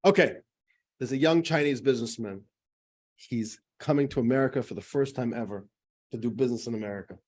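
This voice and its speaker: A man's voice: medium pitch, fairly quick, darkish tone. A man teaching a class as a rabbi, in a chatty, joking style full of fillers. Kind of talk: casual classroom lecture.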